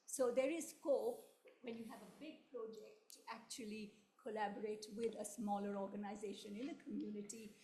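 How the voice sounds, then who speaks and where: A woman's voice: mid-range voice, fairly even intonation, moderate pace, dark tone, slight background noise. A woman from the audience, a funder, giving her comments hesitantly with many ums and an earnest tone. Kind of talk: audience question at a panel. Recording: echoey room.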